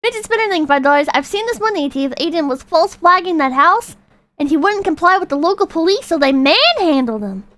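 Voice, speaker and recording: Woman streamer, very high and lively voice, foul-mouthed bursts of outrage, dry close mic. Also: fast talker, dry recording. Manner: profane, excitable outbursts between calm donation readings. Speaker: livestreamer reacting to videos. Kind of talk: casual livestream commentary.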